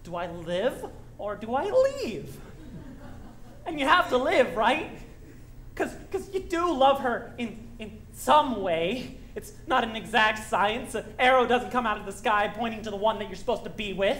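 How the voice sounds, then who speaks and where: A woman's voice: a little high, very animated, a little slow, a bit bright, slight background noise. A woman playing a lonely middle-aged male musical fan, talking straight to the audience in a rambling, confiding way on a stage. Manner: confiding, rambling, wry asides. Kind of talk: stage play acting, direct address. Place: theater stage.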